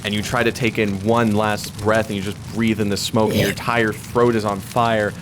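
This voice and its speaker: A man's voice: fairly low pitch, flat delivery, moderate pace, noisy background. A man acting as game master, narrating a tabletop game in dramatic, vivid second-person storytelling. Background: background music.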